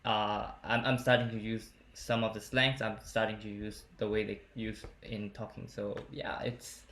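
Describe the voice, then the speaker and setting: A man talking as a guest on an online panel, animated, with his voice jumping up when he quotes and laughs. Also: normal speed, echoey room, a little hiss or hum. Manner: animated, jumps high when quoting and laughing. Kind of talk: casual chat.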